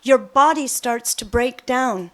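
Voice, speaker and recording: A woman's voice: fairly high pitch, slow. A middle-aged woman giving a devotional talk, telling personal stories and acting out the quotes. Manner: animated storytelling, acts out quotes. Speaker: devotional speaker.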